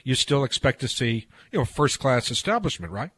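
A man co-hosting a sports talk radio show, talking rapidly with restarts and steering the conversation. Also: mid-range voice, big pitch swings, fairly bright tone, breathy edge. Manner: rapid, restarts, drives the topic. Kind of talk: casual studio banter. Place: radio studio. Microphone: studio microphone.

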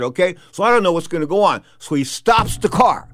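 A middle-aged man telling a casual anecdote, animated and rambling, full of repeats and fillers. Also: high-pitched, fairly quick, few pauses, no echo. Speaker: storyteller.

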